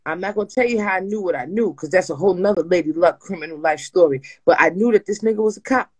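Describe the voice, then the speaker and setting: A woman's voice: on the low side, fast, breathy edge, rough recording. A woman from New Jersey with a New Jersey accent, telling a comic story in a casual podcast chat, acting out voices and laughing often. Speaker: co-host.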